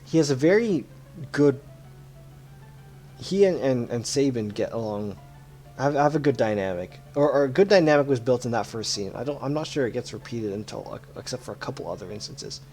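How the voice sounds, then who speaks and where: A man's voice: mid-range voice, animated, fairly quick, dark tone. Man explaining a game over faint music. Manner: explanatory, self-correcting. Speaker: let's play host. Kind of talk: casual game commentary.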